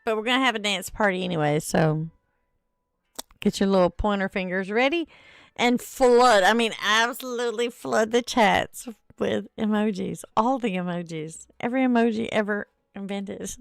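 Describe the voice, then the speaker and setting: A let's play streamer chats casually with her viewers and mutters to herself while gaming, tired and nursing a headache. Her medium-pitched voice is smooth yet creaky and moves at a normal speed, and the recording is dry and studio quality.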